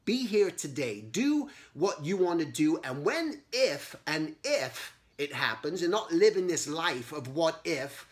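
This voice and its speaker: A man's voice: on the high side, big pitch swings, a little slow, few pauses. A middle-aged man hosting a casual monologue, talking in an earnest, rambling way and asking many pointed questions. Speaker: host.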